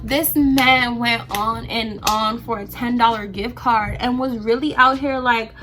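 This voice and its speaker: A woman's voice: fairly high pitch, unhurried, hardly any pauses, sharp tone, soft background music. A young woman vlogger animatedly telling a storytime while getting ready, acting out the quoted lines. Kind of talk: storytime while doing her hair.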